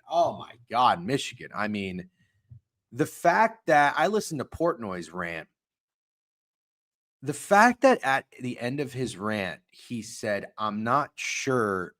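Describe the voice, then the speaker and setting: Brief: male live-stream sports host, swears freely, flips between muttering and shouting. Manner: profane, heated ranting with big pitch swings.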